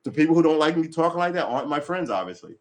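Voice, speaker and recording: A man's voice: fairly high pitch, sing-song, racing, darkish tone. A man talking casually on his own livestream, blunt and opinionated, swearing freely and laughing often. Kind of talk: casual rambling chat.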